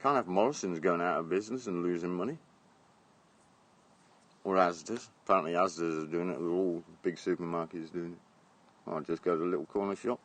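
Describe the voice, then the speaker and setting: Deep-voiced man rambling on a phone stream. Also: brisk. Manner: rambling, blunt, laughs often, swears. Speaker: live streamer. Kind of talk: casual live-stream chat. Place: outdoors in a garden. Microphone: phone held at arm's length.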